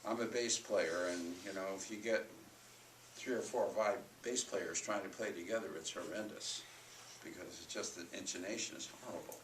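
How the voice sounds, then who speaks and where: A man's voice: low voice, fairly even intonation, normal speed, slight background noise. An older man giving a college lecture on music teaching, breaking into sung solfège and chanted rhythm syllables to demonstrate. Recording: roomy hall recording from far off.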